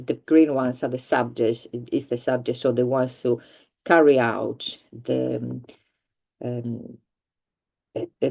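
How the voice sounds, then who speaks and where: Very low-voiced woman teaching grammar, slow. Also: gravelly, warm tone. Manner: hesitant, many ums and restarts; patient, repeats points for learners. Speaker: language teacher. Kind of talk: explanatory grammar lesson.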